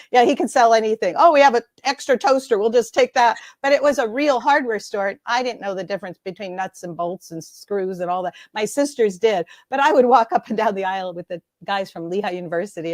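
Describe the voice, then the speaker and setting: A middle-aged woman guest who talks fast and bubbly, laughing often as she tells stories in a lively interview chat. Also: mid-range voice, no room sound, clean studio sound. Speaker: guest speaker.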